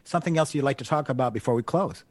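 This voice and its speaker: A man's voice: mid-range voice, very fast, no echo. A man acting as guest interviewer, asking questions and affirming the host's story in a casual interview. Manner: warm affirming, brief backchannels.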